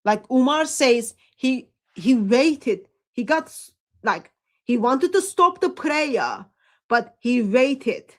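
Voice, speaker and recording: A woman with a fairly high voice and a talks through her points on a casual livestream. She speaks haltingly, with many ums and restarts. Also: lively intonation, rough recording. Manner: hesitant, many fillers and restarts. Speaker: Christian apologist presenter.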